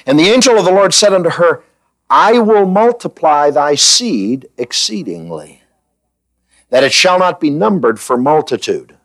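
A man's voice: fairly high pitch, very animated, measured pace, a bit bright, no echo, voice pushed up, exaggerated voice, poor audio. A man voicing a solemn angel who speaks in old scripture language. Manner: solemn, archaic declaiming.

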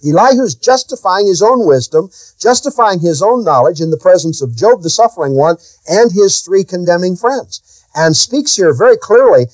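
A man's voice: expressive, moderate pace, a little mellow, no room sound. A man preaching a sermon. He asks his listeners questions and swings his voice up and down for emphasis. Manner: preaching with sudden rises and drops in pitch, asking the listeners questions.

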